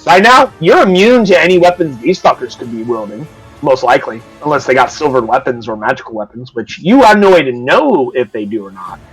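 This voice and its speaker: A man's voice: medium pitch, sing-song, fairly quick, fairly bright tone, husky, soft background music, rough recording. A man narrating as game master in a casual, profane way, explaining rules as he goes.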